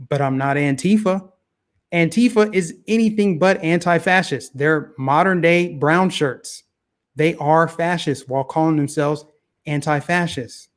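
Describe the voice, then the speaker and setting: On a casual talk show, a man with a fairly high voice delivers animated, opinionated takes on politics, full of repeated phrases.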